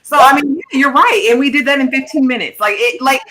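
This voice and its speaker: A woman co-hosting a TV review show in casual chat, animated and exclamatory. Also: high voice, fairly quick. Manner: animated and exclamatory, acts out characters' lines.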